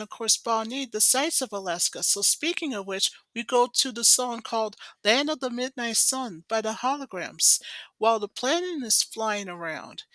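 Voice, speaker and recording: A woman talks through an episode recap in a loose, rambling way, stringing events together with "so" and "of course". Her voice is bright and a little high. It sits close and dry on the mic. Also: no room sound, poor audio. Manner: rambling, chatty retelling full of "so" and "of course". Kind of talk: casual episode recap narration.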